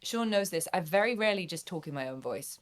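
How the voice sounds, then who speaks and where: A young woman with a slightly low voice talks about her acting work in a relaxed interview. She is bubbly and chatty and laughs often. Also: fast. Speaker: guest voice actor. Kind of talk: casual interview chat.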